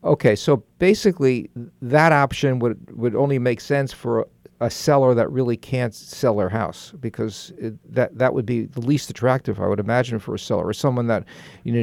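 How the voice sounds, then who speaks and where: A man from New York hosting a radio money talk show, asking questions in a halting, self-correcting way. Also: medium pitch, gravelly, a little mellow, no echo.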